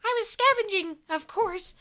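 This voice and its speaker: A woman voicing a small, prickly creature that scavenges in a cave, in a squeaky, high voice. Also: normal speed, bright, forceful tone. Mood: snappish.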